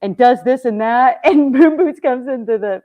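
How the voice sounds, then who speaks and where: A woman's voice: high-pitched, normal speed, phone-quality sound. A woman co-hosting a casual livestream chat, telling gossipy stories with frequent giggles. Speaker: stream co-host.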